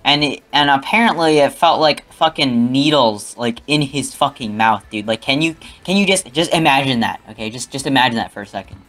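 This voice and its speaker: A man's voice: medium pitch, a little fast, few pauses, a bit bright. A young man telling a rambling, profane story in casual talk, often adding "okay?".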